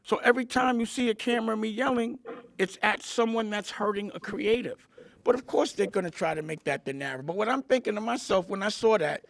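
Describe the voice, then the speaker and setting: High, gravelly-voiced man telling his side. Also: a little fast, a bit bright. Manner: emphatic, repetitive, blunt, profane. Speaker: interview guest. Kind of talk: candid interview storytelling.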